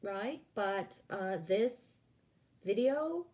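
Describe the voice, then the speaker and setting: A woman's voice: mid-range voice, expressive, very slow, a little mellow. A woman from Quebec whose first language is French, hosting a casual livestream in a chatty, rambling way, reading out viewer comments and laughing often. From Quebec, Canada. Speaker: livestream host.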